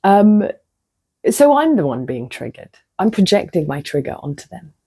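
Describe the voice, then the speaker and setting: A woman vlogging in a low, husky, mellow voice. She tells her own story candidly and laughs at herself. Her voice slips into soft near-whispers now and then. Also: very animated, moderate pace. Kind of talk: casual reflective monologue.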